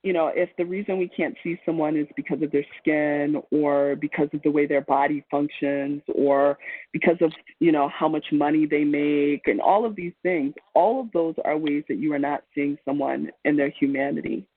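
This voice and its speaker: Guy giving a webinar talk, kinda high voice, lots of ums, sounds like a phone line. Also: steady tone, normal speed. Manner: chatty, with frequent ums and restarts. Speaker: trainer presenting a webinar. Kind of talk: conversational lecture. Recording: tinny phone-like call audio.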